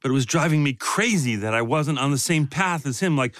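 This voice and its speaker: A man's voice: a little high, expressive, a little fast, a bit bright, dry recording, clean studio sound. A man from Chicago, an actor as a guest, talking casually and rambling with lots of fillers. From south side of Chicago. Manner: rambling, full of "you know" and "like" fillers. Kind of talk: casual interview conversation.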